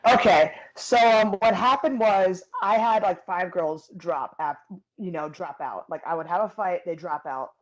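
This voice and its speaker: A young woman from Philadelphia, an MMA fighter and guest in an interview, telling stories in a blunt, profane and animated way. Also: on the low side, unhurried, low-quality recording. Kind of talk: casual interview storytelling.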